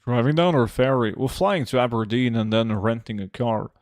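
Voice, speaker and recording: A man's voice: medium pitch, moderate pace, dry recording, studio quality. A man, a game streamer chatting casually and reading his chat aloud in a laid-back way full of fillers. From Norway.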